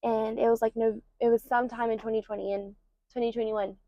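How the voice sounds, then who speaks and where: A woman's voice: fairly high pitch, little pitch movement, fairly quick, dry recording. A young adult woman hosting a podcast, speaking candidly about her own life in rambling, casual talk full of ums and likes. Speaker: podcast host. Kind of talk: personal confessional podcast talk. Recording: slightly dull lo-fi recording.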